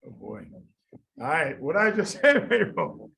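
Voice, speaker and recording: A man tutoring medical students in a lively class, quizzing them by name and repeating the key points. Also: a little high, a little slow, vocal fry, low-quality recording. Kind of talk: lively classroom teaching with drills.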